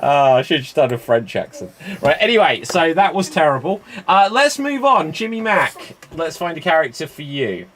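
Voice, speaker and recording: A man's voice: on the high side, big pitch swings, moderate pace, few pauses, a bit bright. A man hosting a live-streamed improv show, chatty and rambling between games.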